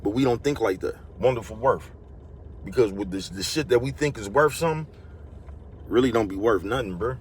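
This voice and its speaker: Fast-talking low-voiced man, rambling and slangy. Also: slight background noise. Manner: rambling, slangy, repeats catchphrases. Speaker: vlogger. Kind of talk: casual motivational monologue.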